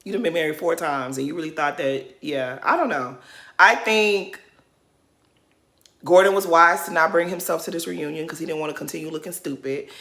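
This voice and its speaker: A woman talking close to the mic in a bright, forceful voice. She rants bluntly and sassily, breaking into laughter as she goes. It is casual reaction commentary. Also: deep voice, moderate pace. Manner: blunt, sassy, laughs while ranting. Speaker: reality TV commentator.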